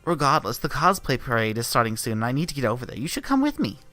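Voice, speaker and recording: A man voicing a young woman crossplaying as a butler, brisk and teasing, while reading a visual novel aloud. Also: medium pitch, huge pitch swings, pushed and bright, soft background music.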